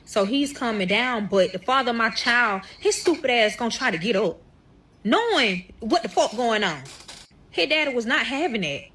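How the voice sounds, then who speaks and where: A woman's voice: on the high side, lively intonation, moderate pace, bright, forceful tone, a little hiss or hum. A young woman telling a story to camera in a casual storytime style, swearing often and calling her viewers y'all. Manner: profane, addresses viewers as y'all.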